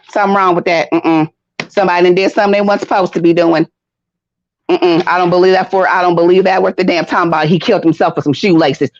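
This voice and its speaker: A woman hosting a casual livestream from home, commenting on the news in a blunt, profane way with animated outbursts, talking straight to her viewers. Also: mid-range voice, dry recording. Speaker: livestream host. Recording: dull lo-fi stream audio.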